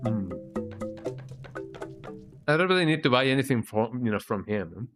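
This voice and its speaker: Relaxed man chatting while he streams a game. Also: mid-range voice, moderate pace, music in the background. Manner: relaxed, rambling, tags lines with "eh?". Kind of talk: casual live-stream chat while gaming.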